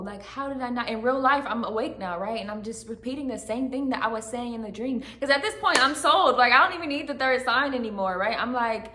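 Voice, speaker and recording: A woman's voice: on the high side, a little fast, sharp tone. Earnest woman giving testimony in echoey room. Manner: earnest, repeats "right?" and "like". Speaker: channel host giving testimony. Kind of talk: emotional personal testimony to camera. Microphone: camera facing her.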